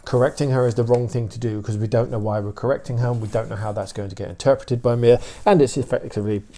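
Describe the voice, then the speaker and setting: A British man, a dog trainer, explaining his views in a steady, opinionated casual talk with many fillers. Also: medium pitch, fast.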